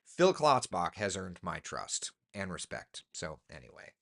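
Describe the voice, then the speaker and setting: A man's voice: very animated, a little slow, gravelly, fairly bright tone. A man hosting a casual live chat as a meteorologist, reading viewer comments and giving opinions. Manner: pitch swings up sharply when making a point.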